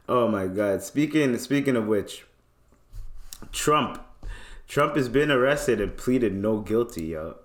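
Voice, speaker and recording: A man's voice: mid-range voice, sing-song, slow pace, pauses often, roomy sound. A man with a Toronto accent hosting a podcast, rambling in casual chat and laughing often. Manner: laughs a lot, slangy and rambling. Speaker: podcast host.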